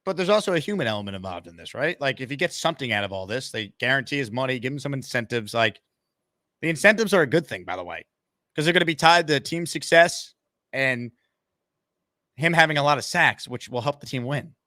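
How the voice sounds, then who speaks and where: A man's voice: medium pitch, animated, a little fast, pushed and bright, no room sound, clean studio sound. A man hosting a live call-in sports talk show, upbeat and hyping callers and promotions. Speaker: show host.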